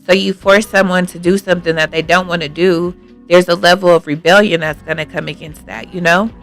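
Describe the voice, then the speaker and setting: A woman's voice: on the low side, fairly even intonation, a little fast, soft background music. A woman hosting an advice show, talking casually and reading out viewer comments. She speaks earnestly and thinks aloud with lots of fillers.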